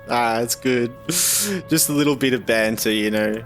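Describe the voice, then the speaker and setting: A man's voice: fairly high pitch, expressive, faint music behind. A young Australian man casually streaming a game, bantering with chat and laughing often. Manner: laid-back banter, laughs often, slow drawl.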